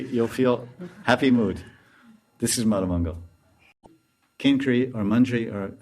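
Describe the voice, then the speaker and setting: A man, a swami, giving a storytelling lecture in an animated way and laughing often. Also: fairly low pitch.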